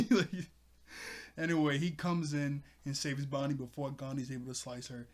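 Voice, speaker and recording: A man's voice: on the high side, flat delivery, normal speed, a little mellow. Chatty, chuckling man recapping a manga. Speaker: manga reviewer. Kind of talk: casual recap.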